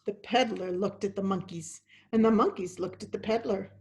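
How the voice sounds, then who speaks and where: Speaking at normal speed in a mid-range voice, this woman, an actress and teaching artist, runs a dramatic children's storytime. She talks right to the kids with lively energy and occasionally lowers her voice to a whisper.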